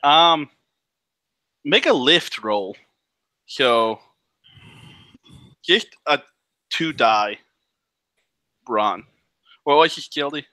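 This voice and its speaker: A man's voice: on the high side, expressive, drawn-out words, pauses often, sharp tone, dry recording. A man running a tabletop game as game master, narrating casually with many fillers and laughs.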